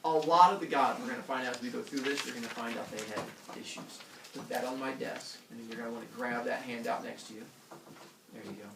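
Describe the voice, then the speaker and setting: Speaking at medium pitch with a quick pace and vocal fry, a jokey teacher acts out voices during his lecture. The audio is roomy and distant, as in a classroom, with background noise.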